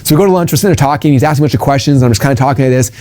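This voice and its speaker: A man's voice: medium pitch, rapid-fire, mellow. A man giving an informal sales training talk, rambling with ums and restarts and acting out quoted conversations.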